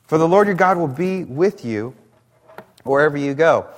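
A man preaching a sermon. He reads scripture slowly and then explains it in plain, conversational asides. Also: a little high, lively intonation.

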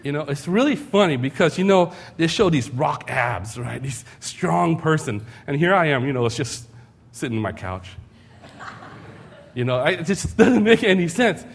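Male pastor, slightly higher voice, relaxed storytelling sermon, rhetorical questions, self-mocking humor. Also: normal speed, vocal fry, breathy edge.

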